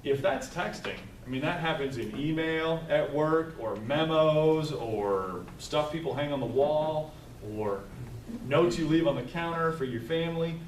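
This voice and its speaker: A man's voice: fairly high pitch, unhurried. Guy running a staff training, chatty storyteller, sounds far from the mic in a roomy echoey space. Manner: conversational, storytelling, tags points with "right?". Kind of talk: live training presentation. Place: training room with tables. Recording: echoey room, mic far off, faint noise.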